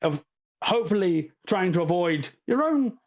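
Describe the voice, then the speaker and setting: A man's voice: sits high, big pitch swings, normal speed, dull audio, pitched above the performer's own voice. A man voicing an older male shopkeeper who makes a long, earnest, formal speech.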